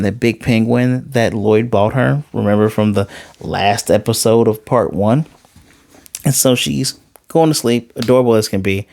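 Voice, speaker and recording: A man recapping an anime episode in casual talk, animated and quick to slip into quoted voices. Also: medium pitch, creaky, no echo, clean studio sound. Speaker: anime reviewer.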